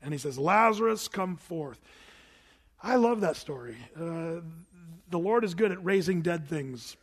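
A man's voice: a little high, animated, moderate pace, a little mellow, slightly rough. A man preaching a sermon in a conversational way, asking the congregation questions and adding wry asides. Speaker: pastor. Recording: long hall reverb.

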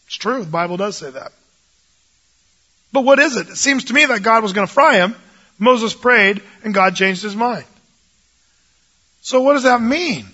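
A man's voice: high voice, normal speed, long pauses, sharp tone, breathy edge, lo-fi sound. A man teaching the Bible in a casual, jokey way, acting out the voices of biblical figures.

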